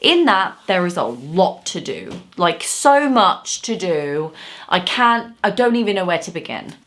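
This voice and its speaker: A woman talks casually to her viewers from her home studio. Her voice sits fairly low but swings widely in pitch as she chats, laughing often and slipping into quiet asides. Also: slight background noise. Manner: chatty and expressive, laughs often, drops to asides. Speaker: artist and channel host. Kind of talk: casual vlog chat to subscribers.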